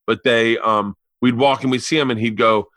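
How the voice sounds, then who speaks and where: A man in his forties hosts a podcast, speaking at normal speed in a mid-range voice. He tells stories in casual chat, animatedly acting out other people's voices, captured with studio quality and no room sound.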